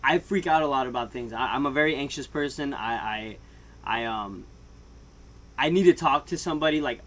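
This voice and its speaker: A vlogger with a medium-pitched voice tells a comedic story at normal speed, animated and casual, full of slang and swearing. He swings between loud outbursts and hushed asides and laughs often.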